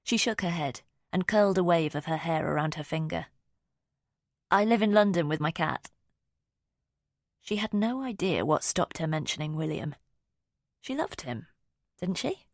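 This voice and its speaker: A woman narrating a mystery audiobook in a measured, even way. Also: low voice, no echo, studio quality.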